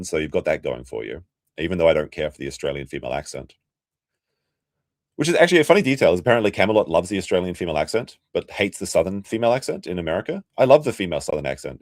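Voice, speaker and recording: Low-voiced ranting male streamer. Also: no echo, studio quality. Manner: profane, ranting. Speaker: stream host. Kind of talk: casual commentary stream.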